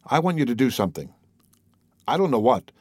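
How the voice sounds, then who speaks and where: A man's voice: medium pitch, very animated, darkish tone, husky, dry recording, studio quality. A man reading as a blustering, awkward teenage boy. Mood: earnest, halting. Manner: earnest, halting, blustering. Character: anxious boastful teenage boy.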